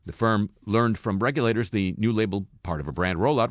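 A man's voice: lowish voice, brisk, no echo. A man hosting a satirical news segment, reading stories and tossing in wry, sarcastic asides. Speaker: comedy news host.

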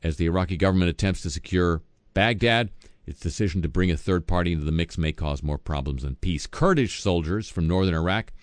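A man's voice: sits low, no room sound, studio quality. A man reading satirical news as host, dropping sardonic, wisecracking asides between items.

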